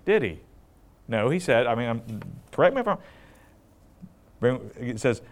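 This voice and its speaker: A man's voice: on the high side, normal speed. A man teaching from the Bible in a conversational way, putting questions to his listeners and acting out the quotes with animation. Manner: animated, asks the audience questions, acts out quotes. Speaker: preacher.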